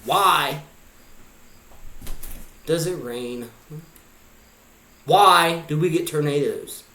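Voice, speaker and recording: A man's voice: a little high, very slow, pushed and bright. A man vlogging a pondering monologue of rhetorical questions. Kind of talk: musing monologue. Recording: echoey room.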